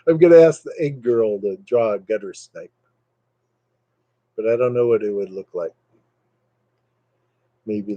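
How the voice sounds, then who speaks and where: A man rambles and jokes through a casual live stream with his viewers. His pace is unhurried and his tone dark and mellow. The sound is dry and close, with no room around it. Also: no echo, rough recording. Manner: rambling, joking, puts on silly high voices for quotes.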